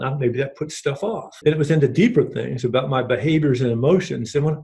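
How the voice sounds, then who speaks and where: Middle-aged man, gravelly, earnest testimonial, rambling with restarts, mid-pitched voice. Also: animated, a little fast, darkish tone. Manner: earnest and rambling, with many restarts and acted-out quotes. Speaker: program participant giving a testimonial. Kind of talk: candid personal testimonial.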